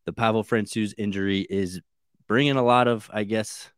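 Steady lower-voiced American podcast co-host. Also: male voice, moderate pace, smooth, dry recording, clean studio sound. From United States. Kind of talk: casual sports chat.

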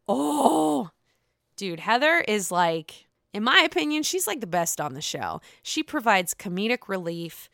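A young woman casually recapping a reality show on her own, blunt and quick to swear, often mimicking people in exaggerated voices. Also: medium pitch, very animated, creaky, fairly bright tone, no echo, clean studio sound. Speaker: reality TV commentator. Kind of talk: casual solo recap chat.

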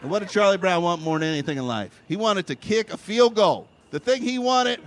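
A man's voice: high voice, lively intonation, brisk. A man from Kentucky doing a stand-up comedy set, wry and self-mocking, with punchy asides to the crowd. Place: comedy club stage. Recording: loud crowd laughter and room noise. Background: laughing and clapping audience.

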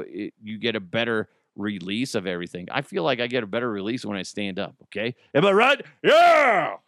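Animated man hosting a comedy podcast. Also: medium pitch, no echo, clean studio sound. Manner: animated, swears, jokey outbursts. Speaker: podcast host. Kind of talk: casual comedic commentary.

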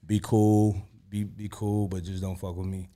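A man's voice: fairly low pitch, flat delivery, moderate pace, warm tone. A man as an interview guest, telling stories in a laid-back, profane way with lots of "you know" fillers. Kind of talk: casual storytelling.

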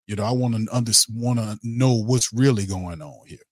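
A man's voice: fairly low pitch, moderate pace, dark tone, dry recording, clean studio sound. A man hosting a sports podcast, ranting in a blunt, heated and profane way to his live chat. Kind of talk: casual sports commentary rant.

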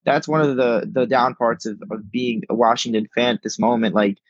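A man's voice: medium pitch, fairly even intonation, moderate pace, husky, no echo. Young man on dull lo-fi call audio. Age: young adult. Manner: emphatic, repeats words while thinking. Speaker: podcast guest. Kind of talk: casual sports podcast chat. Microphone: remote call microphone.

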